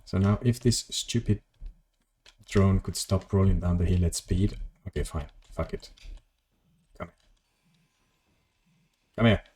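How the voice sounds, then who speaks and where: Deep mellow guy streaming a game, rambly and chatty, cusses when stuff breaks. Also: unhurried, pauses often, a little hiss or hum. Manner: rambling, chatty, talks to chat and swears at the game. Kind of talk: casual gameplay commentary.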